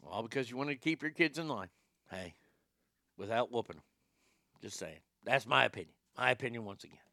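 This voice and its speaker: A man's voice: mid-range voice, animated, fairly quick, vocal fry, sharp tone, dry recording. A man hosting a ranting commentary show, crude and mocking, often stammering and restarting his sentences. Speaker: commentary podcast host.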